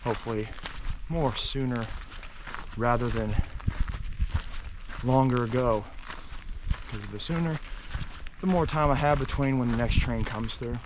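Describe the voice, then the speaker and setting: A man's voice: mid-range voice, measured pace, pauses often, noisy background. Rambling man vlogging outdoors. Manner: rambling, many "like"s, sometimes hushed. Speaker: urban explorer vlogger. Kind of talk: casual vlog narration. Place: outdoors in a rural area by railroad tracks.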